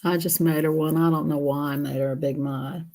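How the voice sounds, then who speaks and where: A woman's voice: low-pitched, fairly even intonation, a little fast, mellow. A woman chatting casually on a livestream while coloring, laughing often and greeting viewers. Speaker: livestream host.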